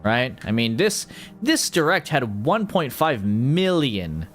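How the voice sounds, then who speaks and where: A man's voice: medium pitch, sing-song, slow, fairly bright tone, soft background music. A man streaming casually, rambling and joking about games and mocking himself. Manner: rambling, jokey, self-mocking. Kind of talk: casual livestream chat.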